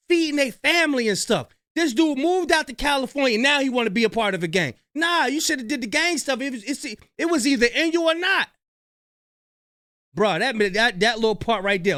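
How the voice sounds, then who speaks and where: A man hosting a reaction channel, giving casual slangy commentary in an animated, ranting way. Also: extremely high pitch, moderate pace, dry recording, studio quality.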